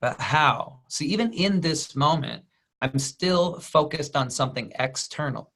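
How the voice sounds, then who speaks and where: Energetic man coaching on a video call. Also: fairly high pitch, a little slow. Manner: energetic storyteller, acts out quoted voices. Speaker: business coach and speaker. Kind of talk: motivational talk on a group video call.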